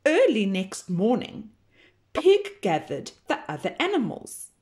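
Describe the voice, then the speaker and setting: A female teacher reads a children's picture book aloud, taking her time and telling the story expressively. Her voice sits in the mid range.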